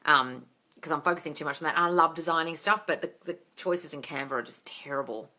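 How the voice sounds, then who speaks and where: A woman's voice: sits low, fairly quick, sharp tone. A woman hosting a casual live-stream Q&A. She reads out viewer comments, swears freely and calls listeners darling. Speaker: host of a manifesting Q&A live stream.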